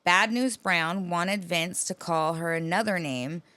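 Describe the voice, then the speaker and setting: A woman's voice: fairly low pitch, a little slow, pushed and bright, dry recording. A woman co-hosting a podcast, telling a long story in a profane, rambling casual chat. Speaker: podcast co-host.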